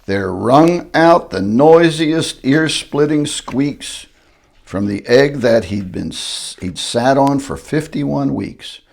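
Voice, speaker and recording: A man's voice: mid-range voice, lively intonation, slow, creaky. An older grandfather reading a rhyming picture book aloud in a sing-song manner.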